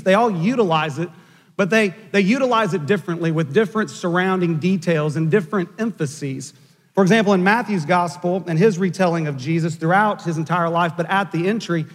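A man with a rather high voice preaches a sermon, moving from a wry anecdote into measured, emphatic points. His words ring out with a long reverb from the church sanctuary around him. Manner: storytelling with dry asides, measured emphatic delivery. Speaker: pastor.

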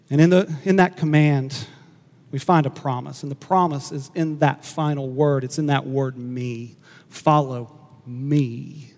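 Man, pastor, sermon, earnest, emphatic, repeats key words, high voice, long church reverb. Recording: hall reverb.

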